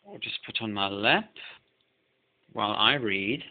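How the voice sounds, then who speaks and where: A man's voice: fairly low pitch, big pitch swings, a little slow. A man chatting casually at his computer in a home vlog. He is chatty and easily sidetracked, breaking off to talk to his pets. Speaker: video blogger reading song lyrics. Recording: tinny lo-fi phone-like sound.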